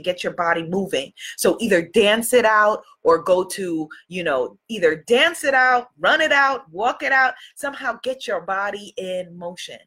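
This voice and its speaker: A woman coaching viewers on a livestream, warm and encouraging, greeting them by name and repeating phrases for emphasis. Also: mid-range voice, breathy edge. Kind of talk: live motivational coaching.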